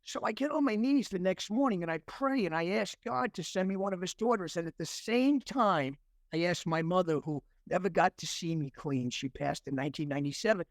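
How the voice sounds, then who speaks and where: A man's voice: high voice, fairly quick, no echo. A man in his sixties, an interview guest, telling an earnest personal recovery story and acting out the dialogue as he goes. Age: 60s. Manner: earnest, emotional at times.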